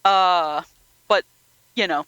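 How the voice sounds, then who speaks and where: A podcast co-host in casual chat who retells scenes with animated energy and acts out the lines in voices. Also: medium pitch, takes it slowly, clear, resonant tone, no echo, dull audio.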